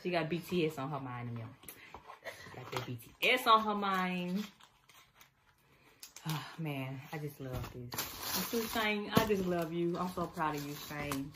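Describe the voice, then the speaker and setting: A makeup vlogger films a casual, excited unboxing on her phone, gushing, laughing, and repeating herself. Her voice sits low with lively intonation and an unhurried pace, and the recording is very noisy.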